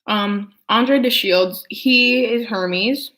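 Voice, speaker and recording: A woman's voice: a little high, drawn-out words, fairly bright tone. A young adult woman chatting casually as a vlogger, rambling with lots of filler words while she eats. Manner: eating while talking. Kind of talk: casual chat.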